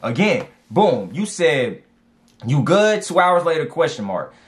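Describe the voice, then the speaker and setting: A man talks through dating advice in a loose, slangy commentary, hammering points by repeating them. His voice sits a bit high and leaps all over the place as he reacts. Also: measured pace. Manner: animated, slangy, repeats for emphasis.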